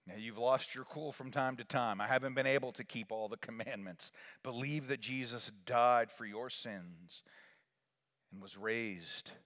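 A man preaching a sermon as pastor, swinging from hushed lines to loud calls for the congregation to repeat after him. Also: mid-range voice, measured pace. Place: church sanctuary. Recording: long reverb of a large hall.

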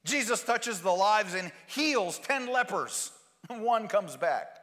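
A man's voice: high voice, expressive, takes it slowly, a bit bright, in a large hall. A male pastor preaching a sermon, asking rhetorical questions and hammering points home through repetition.

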